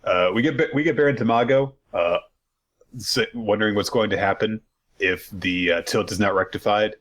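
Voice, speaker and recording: Rambling, low-voiced man recapping casually. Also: moderate pace, fairly bright tone. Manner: loose and rambling, many fillers, jokey profanity. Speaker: podcast co-host.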